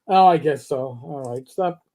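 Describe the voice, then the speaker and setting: A man's voice: fairly high pitch, normal speed. Older male host, casual stream chat, rambling, profane, jokey. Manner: profane, rambling, animated joker.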